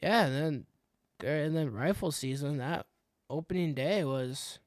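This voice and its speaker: A young podcast co-host from Wisconsin animatedly recounts a hunting story in casual conversation, playing out his reactions as he goes. His voice sits on the high side at a measured pace, and the studio sound is clean with no room sound.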